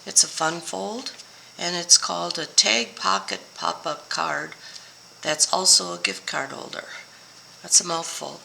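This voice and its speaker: Older woman, scratchy, gravelly voice. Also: lowish voice, steady tone, unhurried, bright, forceful tone. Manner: chatty, forgets product names mid-sentence. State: scratchy voice from a week-long illness. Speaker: card-making demonstrator. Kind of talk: crafting tutorial.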